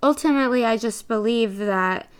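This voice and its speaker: A woman's voice: a little high, normal speed, smooth. A young woman hosting a podcast, talking in a chatty, earnest way with lots of fillers, a little out of breath. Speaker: podcast co-host. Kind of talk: casual podcast monologue.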